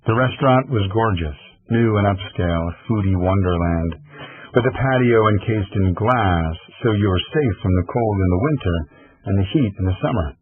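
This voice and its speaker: Low husky guy reading a novel aloud, dry tinny phone-like sound. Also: moderate pace. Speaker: audiobook narrator. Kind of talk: scripted first-person narration.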